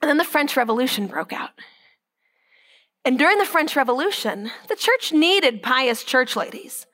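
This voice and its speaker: A woman with a high voice gives an inspirational Catholic talk and tells the stories with lively energy. She drops into a hushed whisper for emphasis and slows right down on the words that matter. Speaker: Catholic speaker.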